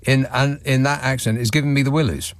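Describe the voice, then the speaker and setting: Speaking fairly quickly in a steady, mid-range voice, this man hosts a radio phone-in from a studio. He reads out listener messages with sardonic dryness and the odd wry chuckle, into a studio microphone with no echo.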